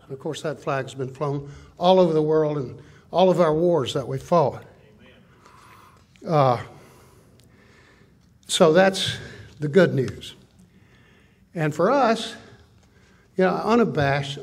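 An older man giving a folksy, animated conference talk, riffing through lists and anecdotes. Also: a little high, unhurried, pauses often, slightly rough. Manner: folksy, animated storytelling with list-like riffs. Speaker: conference speaker. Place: conference hall.

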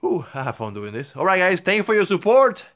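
A man hosting a gaming channel, giving excitable let's play commentary, swearing and yelling at the game. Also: high voice, brisk. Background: game music.

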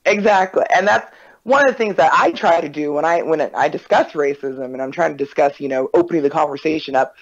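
A podcast host in casual conversation, telling stories in an animated way and acting out quoted exchanges. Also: mid-range voice, a little fast. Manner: animated storyteller, acts out quotes. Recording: dull lo-fi recording.

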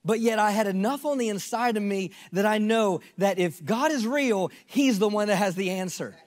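A man in his fifties preaches his testimony from the pulpit with a high voice. He builds passion through repetition, rising loud and then dropping to a hush. His words trail off into a long church reverb. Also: normal speed. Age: 50s. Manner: impassioned, repetitive preaching that swings between loud and hushed. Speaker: pastor. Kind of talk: sermon testimony.

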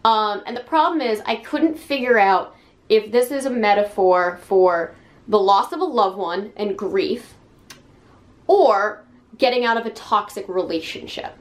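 A woman's voice: mid-range voice, a little slow. A young woman giving a frank, casual book review, talking with many fillers and sounding exasperated.

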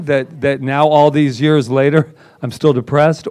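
A man's voice: a little high, steady tone, unhurried, few pauses, a little mellow. A man, a reverend, telling a personal story to his congregation in a theatrical, self-mocking way, acting out quoted lines. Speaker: reverend presenting at a spiritual center. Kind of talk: animated storytelling talk.

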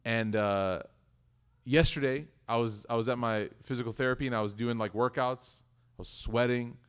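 Male community speaker, relaxed faith talk, humorous storyteller who trips over his words. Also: medium pitch, normal speed, clear, resonant tone. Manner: conversational and joking, with frequent restarts. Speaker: speaker at a community study circle. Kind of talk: casual religious talk with personal stories.

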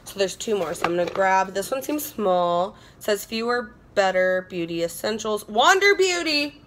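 A young beauty vlogger chats casually at home while unboxing beauty products, her voice mid-range at a moderate pace. She's bubbly and gushing, often repeating herself.

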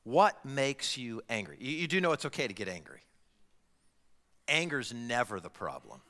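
A man preaching a sermon as pastor, talking in an animated way and putting direct questions to his congregation. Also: medium pitch, moderate pace, big-room sound. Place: church sanctuary.

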